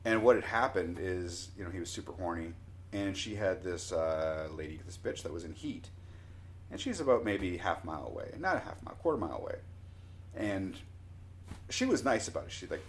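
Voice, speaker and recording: A Canadian man in his forties telling a personal anecdote in a casual, animated way, often restarting his sentences. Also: deep voice, normal speed, slight background noise. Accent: Canadian English. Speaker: storyteller.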